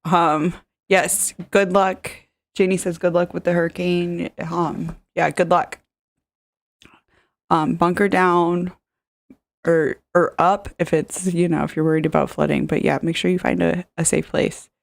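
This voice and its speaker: A woman's voice: fairly low pitch, flat delivery, measured pace, gravelly, no echo. A woman streamer reacting to a video in casual commentary, rambling with lots of fillers and reading chat messages aloud.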